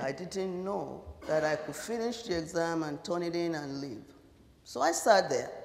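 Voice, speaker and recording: Woman telling a story in a hall. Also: on the low side. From Nigeria. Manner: animated, with hesitant uh fillers and restarts. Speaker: speaker. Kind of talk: personal storytelling talk. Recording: echoey hall with long reverb.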